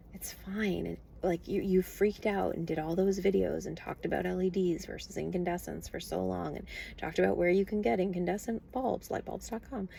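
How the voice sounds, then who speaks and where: Rambling woman with a gravelly voice. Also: lowish voice, warm tone, slight background noise. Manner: rambling, profane, conversational. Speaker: vlogger. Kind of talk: casual spiritual monologue.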